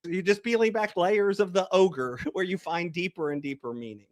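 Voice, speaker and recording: A man's voice: high-pitched, moderate pace, no room sound, clean studio sound. A man, a coach and author, talking in an interview and acting out small scenes as he tells a story. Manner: storytelling, acts out dialogue. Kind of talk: podcast interview.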